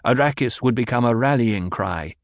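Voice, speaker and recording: A man's voice: medium pitch, normal speed, no room sound, clean studio sound, lightly acted. A man voicing a cold, commanding young duke.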